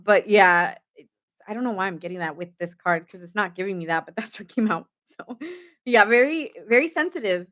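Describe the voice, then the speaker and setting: A woman's voice: fairly low pitch, sharp tone. A woman giving a casual late-night tarot reading, chatty and goofy, joking often. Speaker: tarot reader.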